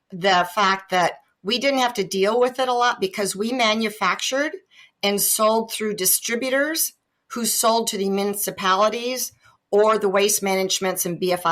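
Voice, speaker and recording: A woman from Iowa, a guest on a podcast, telling humorous anecdotes in a relaxed, chatty way over a remote connection. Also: mid-range voice. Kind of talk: casual storytelling interview. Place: remote call.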